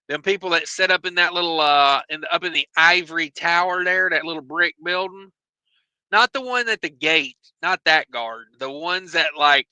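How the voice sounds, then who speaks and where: A man's voice: on the high side, pushed and bright, smooth, dry recording, poor audio. A man hosting a casual trucking livestream on his phone, reading viewer comments in a loose, joking way. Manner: loose and joking, many fillers and asides.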